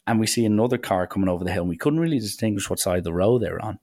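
A young man telling chatty, animated holiday stories in a casual way. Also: fairly low pitch, fast, no room sound, studio quality. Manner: chatty, animated anecdotes with acted quotes. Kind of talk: casual storytelling.

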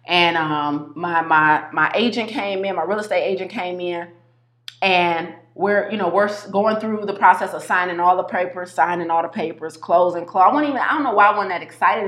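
A woman giving a casual motivational talk, animated and full of slang, repeating herself and restarting sentences. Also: mid-range voice, reverberant. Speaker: health coach.

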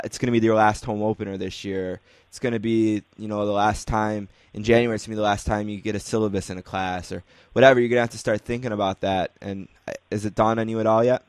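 Relaxed, rambling male podcast host. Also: lowish voice, smooth, no echo. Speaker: podcast host interviewing players. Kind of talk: casual interview chat.

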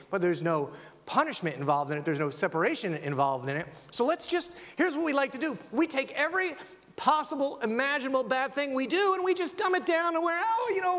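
A man preaching a sermon, animated, acting out quoted voices as he talks. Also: high voice, in a large hall. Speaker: pastor.

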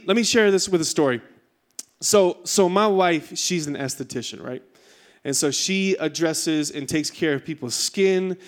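A man in his thirties preaching a sermon in church, telling a comic story with lots of energy before turning to his message. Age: 30s. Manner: animated storyteller, rising to high excited pitch in punchlines. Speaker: pastor. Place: church stage.

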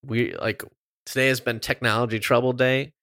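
A man's voice: mid-range voice, steady tone, normal speed, a bit bright, no room sound, clean studio sound. A man hosting a casual podcast, upbeat and chatty, laughing easily as he runs through the news. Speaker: podcast host.

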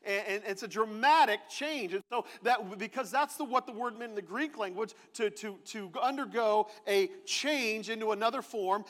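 A male pastor with a fairly high voice preaches in a relaxed, conversational way, stopping to quiz his congregation. His voice rings through a church sanctuary with a long reverb tail. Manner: conversational, asks the congregation questions. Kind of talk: sermon.

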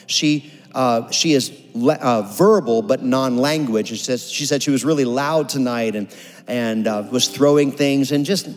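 A man telling a testimony in a sermon, earnest and dramatic, acting out the people he quotes. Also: medium pitch. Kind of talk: sermon storytelling. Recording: long reverb of a large hall with music under it.

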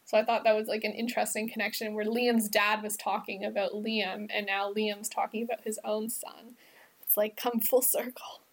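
A woman's voice: mid-range voice, level tone, normal speed. A woman co-hosting a podcast in casual chat, talking with lots of "like" and easy fillers. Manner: chatty, many fillers. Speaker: podcast co-host.

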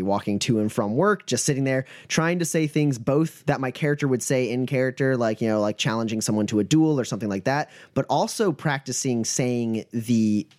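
A man's voice: mid-range voice, a little mellow. A man hosting a tabletop game podcast, chatting casually with many fillers. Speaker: podcast host and game master.

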